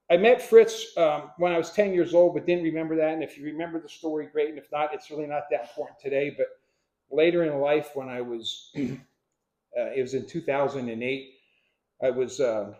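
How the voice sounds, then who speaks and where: An older man from Pennsylvania tells stories to a live audience in a lively way, acting out the voices of the people in them. His voice sits a little high and sounds mellow, and the room echoes around him. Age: 60s. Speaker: speaker telling his life story. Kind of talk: storytelling talk to a live audience.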